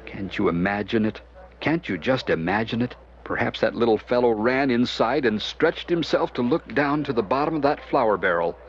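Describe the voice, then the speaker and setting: A man giving scripted narration of a children's Bible story, expressive and animated. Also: mid-range voice, normal speed, creaky, a little hiss or hum. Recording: dull lo-fi with music behind.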